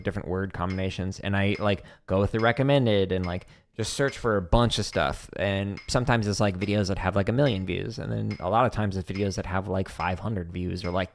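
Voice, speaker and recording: Chatting between practice runs on his drumming livestream, a man in his home drum room laughs often and mocks how commenters sound. His voice is lowish, with slight background noise.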